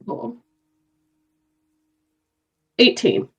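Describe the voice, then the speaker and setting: A woman's voice: extremely slow, fairly bright tone. A woman playing a tabletop game, talking casually and a little hesitantly as she checks the rules. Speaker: player. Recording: dull lo-fi mic.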